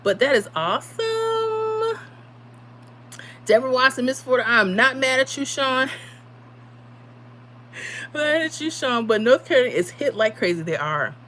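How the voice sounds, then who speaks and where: A woman's voice: sits high, expressive, moderate pace, long pauses, sharp tone, a little hiss or hum. A tired woman hosting a casual livestream, chatting and reading out viewer comments. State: tired from little sleep. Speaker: livestream host giving lottery predictions.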